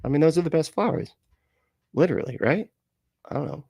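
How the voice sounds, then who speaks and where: A man's voice: a little high, expressive, brisk, creaky, mellow, breathy edge, no room sound. A man with a Southern US accent hosting a livestream, chatting casually and reading comments, rambling, laughing a lot and swearing freely. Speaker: livestream host.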